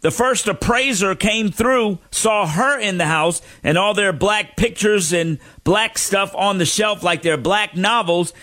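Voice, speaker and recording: A man's voice: high voice, measured pace, hardly any pauses, pushed and bright. A man hosting a radio talk show, telling stories in playful, teasing banter.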